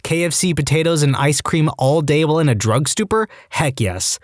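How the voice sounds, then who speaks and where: A man's voice: on the high side, normal speed, no room sound, clean studio sound. A man narrating online stories in a scripted way, acting out the quoted lines in different voices. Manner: lively, acts out quoted lines in shifting voices.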